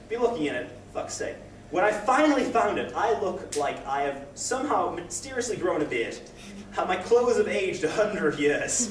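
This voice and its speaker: A man's voice: sits high, distant mic. A young man doing a stand-up set at an open mic night, rambling and self-deprecating with the odd swear. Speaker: stand-up comedian. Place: open mic comedy night, indoor room. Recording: echoey room recorded from afar, noisy.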